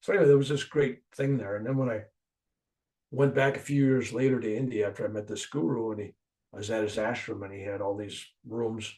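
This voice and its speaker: An older man telling a personal story in a conversation, animated, jumping loud for emphasis and dropping soft when he reflects. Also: lowish voice, fairly quick, recorded from a distance. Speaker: interview guest.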